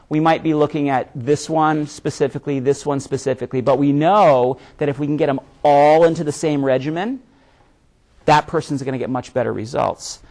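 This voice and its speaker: A man's voice: a little high, a little mellow. A man giving a live presentation to an audience, speaking conversationally and often checking in with "right?" as he explains. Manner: conversational, frequent "right?" tag questions; repeats words when restarting.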